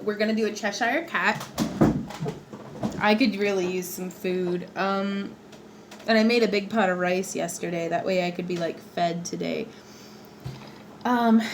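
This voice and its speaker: A woman's voice: mid-range voice, measured pace, slight background noise, rough recording. A woman hosting a craft livestream from her home workspace, chatting playfully and laughing often as she works. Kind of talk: chatty livestream while working.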